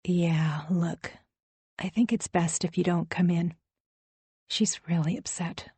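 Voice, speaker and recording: A calm, condescending young woman in an audiobook, sweet on the surface and smug underneath, as a female narrator voices her. Her voice sits somewhat low, and the sound is close and dry. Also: normal speed, no echo. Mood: hushed. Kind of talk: audiobook character voice.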